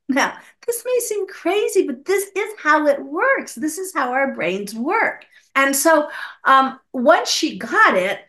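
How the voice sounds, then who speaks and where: A woman who is a psychologist guest on a podcast interview, telling stories and acting out her clients' lines with animated shifts of voice. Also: high-pitched.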